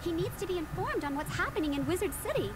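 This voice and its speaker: A woman's voice: extremely high pitch, very animated, fast talker. A woman voicing a grateful female townsperson in a wizard game, earnestly thanking the player.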